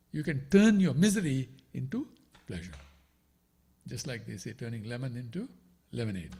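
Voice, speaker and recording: A man leads a devotional scripture class in a slightly husky voice. His pitch sits a touch high and swings widely as he explains each line. He keeps checking in with his listeners, asking "right?". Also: darkish tone. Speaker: spiritual teacher.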